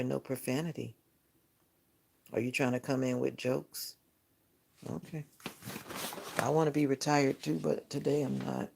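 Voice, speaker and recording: Near his bird-feeder window at home, a livestreaming content creator chats through his morning in a rambling way, often correcting himself partway through sentences. His voice is medium-pitched and darkish with vocal fry, and there's slight background noise.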